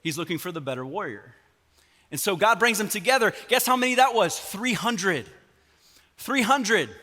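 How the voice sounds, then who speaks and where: A man's voice: high voice, sing-song, fast talker, sharp tone. A man preaching a sermon as pastor, telling the story with sarcastic humor in a church. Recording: long church hall reverb.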